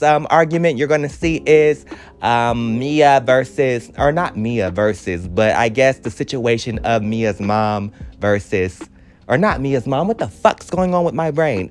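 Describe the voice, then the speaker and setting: Sassy, cussing man recapping reality TV. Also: fairly high pitch. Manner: sassy, scattered, cusses freely, laughs often. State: out of breath. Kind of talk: casual, profane recap commentary.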